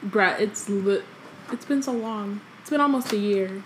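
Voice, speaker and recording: Speaking a little slowly in a mid-range voice, a young woman reads from a novel on the casual book podcast she co-hosts. She's chatty, regularly pausing for joking commentary heavy with ums, and slight background noise is present.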